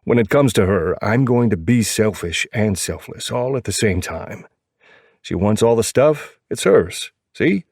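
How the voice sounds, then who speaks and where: Deep husky guy reading a romance audiobook, brooding and wry, dry close mic. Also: lively intonation, measured pace, darkish tone, no echo. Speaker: audiobook narrator. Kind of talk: first-person romance narration.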